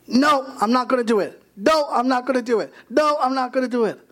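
A stubborn judge, as voiced by a preacher, brushing off a plea. He is curt and dismissive, delivered briskly in a high voice. The voice is close to the preacher's own. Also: a bit bright.

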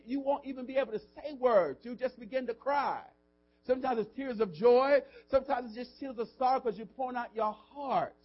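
A man preaching a sermon as pastor, swinging between hushed, tender passages and loud, drawn-out emphasis, with frequent "come on" asides to the congregation. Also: very high voice. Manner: preaching with rising and falling intensity, call-and-response asides. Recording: dull lo-fi audio.

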